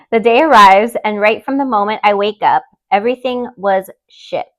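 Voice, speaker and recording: A young woman hosting a podcast, reading listener stories aloud and chatting in an expressive, openly emotional way. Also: mid-range voice, moderate pace. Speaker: podcast host.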